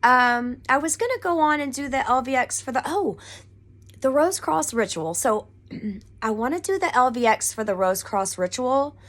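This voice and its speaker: A woman's voice: high-pitched, expressive, normal speed, a bit bright. A woman from Texas, talking casually to camera from her living room, rambling earnestly with many fillers. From Pasadena, Texas, USA. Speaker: occult vlogger. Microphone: camera mic.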